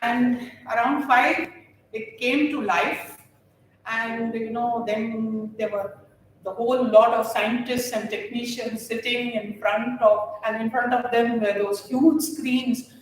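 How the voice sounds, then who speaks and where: An older woman, a retired geography teacher giving an animated, laughing speech to former students at a reunion. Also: fairly high pitch, slow, a little hiss or hum. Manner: warm, animated storytelling with frequent laughter. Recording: very echoey room, voice far from mic.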